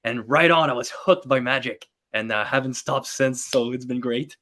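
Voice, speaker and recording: A nineteen-year-old man with a French accent, a native French speaker, talking as a guest magician in a podcast interview, animated and storytelling with many fillers. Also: medium pitch, moderate pace.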